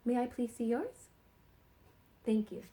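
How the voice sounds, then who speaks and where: Slow, lively-voiced woman teaching small children. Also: a little high, slight background noise. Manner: slow, sing-song and encouraging, talking to small children. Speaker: kindergarten teacher. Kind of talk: teaching sight words to young children.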